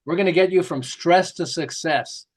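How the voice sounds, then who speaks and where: A middle-aged man, a marketing author, telling lively stories in an interview and acting out the quotes. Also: fairly high pitch, normal speed, husky. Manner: lively, jokey, acts out quotes with laughs. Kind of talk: animated storytelling interview.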